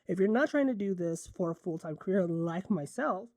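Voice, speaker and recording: A woman's voice: fairly low pitch, animated, normal speed, warm tone, no room sound, clean studio sound. A woman photographer chatting casually in a vlog, rambling and enthusiastic, often correcting herself mid-sentence. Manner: drinking coffee while talking. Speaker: photographer and content creator.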